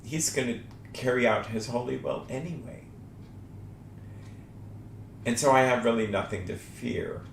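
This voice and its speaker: A man's voice: unhurried, gravelly, pauses often. A man hosting a faith talk show, speaking earnestly and reflectively about trusting God in daily life. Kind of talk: personal spiritual talk. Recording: echoey room with faint rumble.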